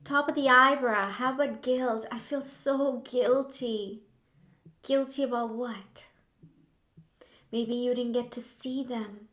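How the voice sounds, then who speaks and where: A woman guiding a grief tapping session in a slow, soothing voice, now and then dropping to a soft whisper. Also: fairly high pitch, steady tone, roomy sound. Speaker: healing coach.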